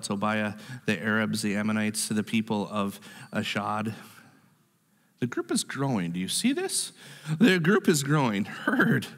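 A man preaching a sermon as pastor, animated, repeating words and acting out the voices he quotes. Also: fairly low pitch, big-room sound. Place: church sanctuary.

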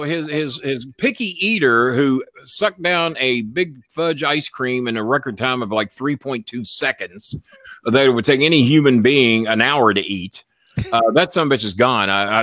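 A man's voice: medium pitch, lively intonation, normal speed, sharp tone, no room sound. A man hosting a casual chat show, telling a long story in a rambling, profane way with lots of repeats. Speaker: show host.

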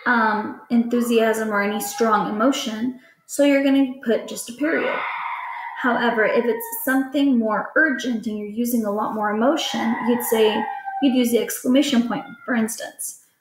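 Woman, teacher, fairly high voice, patient plain explaining to children, recorded lesson, echoey room. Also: noisy background.

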